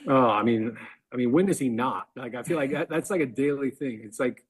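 A man's voice: mid-range voice, fairly quick, husky. A man casually telling a rambling story, full of likes and ums. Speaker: guest.

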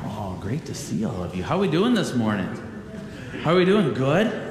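A man giving a playful children's sermon with a naturally loud voice, asking the kids questions and joking with them. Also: mid-range voice, sing-song, normal speed, creaky, in a large hall. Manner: playful, asks children questions, repeats jokes.

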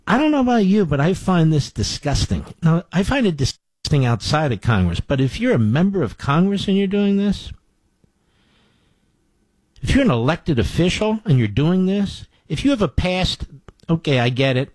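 A man's voice: a little high, sing-song, moderate pace, darkish tone, no echo. A man hosting a political talk show, delivering an opinionated monologue with indignant, emphatic repetition. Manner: indignant, emphatic, repeats phrases for effect.

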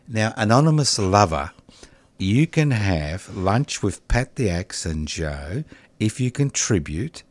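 A man's voice: fairly low pitch, sing-song, slow pace, dry recording. An Australian man co-hosting a radio talk show, joking and mock-outraged in sarcastic banter. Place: radio studio.

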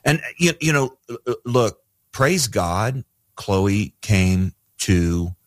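A man's voice: on the low side, lively intonation, slow pace, no echo, clean studio sound. A man speaking as a radio interview guest, earnest and conversational, with frequent fillers and restarts. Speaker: radio guest, ministry president.

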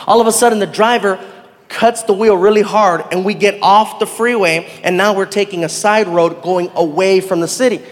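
A man performs stand-up comedy with a high voice, telling his story in an animated way. He laughs often and slips into other voices. Long hall reverb trails every line. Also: normal speed.

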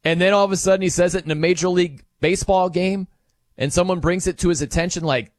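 A man hosting casual sports commentary, animated and wry, acting out quotes in little voices. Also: a little high, quick pace, no room sound, studio quality. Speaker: sports talk host.

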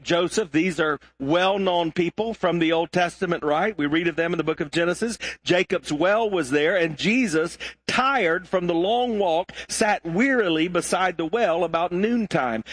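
A man's voice: high voice, fairly bright tone, dry recording. A man preaching a sermon to a congregation, asking his listeners questions as he teaches. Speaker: pastor. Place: church sanctuary.

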